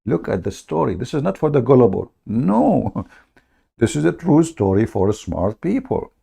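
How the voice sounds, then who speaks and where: A man's voice: fairly low pitch, creaky, mellow, breathy edge. A man hosting a livestream, telling a story in a mocking, sarcastic way in broken English. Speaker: host of a livestream. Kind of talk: livestream commentary.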